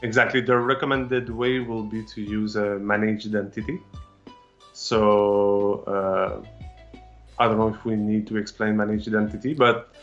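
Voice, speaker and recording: A man's voice: fairly low pitch, little pitch movement, moderate pace, a bit bright, lo-fi sound, soft background music. A man whose first language is French, presenting a live technical demo with many fillers and restarts.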